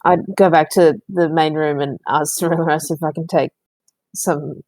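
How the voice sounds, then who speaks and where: A woman player at a tabletop game, talking in character in a hesitant way with many pauses. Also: deep voice, fairly even intonation, darkish tone, no echo, poor audio.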